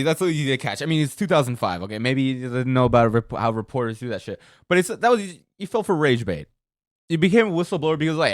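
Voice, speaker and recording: A man reacting to a video as a streamer, joking loudly and swearing freely in casual commentary on a close mic. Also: medium pitch, very animated, quick pace, dry recording.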